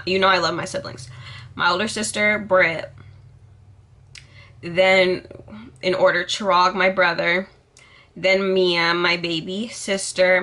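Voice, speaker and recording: A young woman with a bright, sharp voice chats to her camera in a casual vlog. She is sassy and over the top, swearing freely and hamming up her answers. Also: medium pitch. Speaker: vlogger. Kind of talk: casual get-to-know-me vlog.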